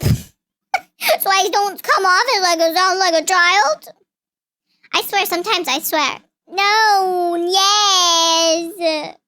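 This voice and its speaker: A woman streamer chatting playfully through a high chipmunk voice changer. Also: sharp tone, dry recording, full character voice. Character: squeaky chipmunk-voiced version of herself. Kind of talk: casual stream chat.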